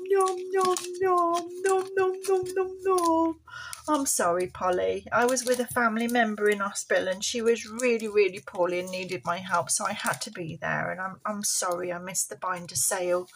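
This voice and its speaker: A woman chatting homely and casually to viewers on a budgeting vlog. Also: medium pitch. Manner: chatty, homely, affectionate terms like bab and chick. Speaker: budgeting vlogger.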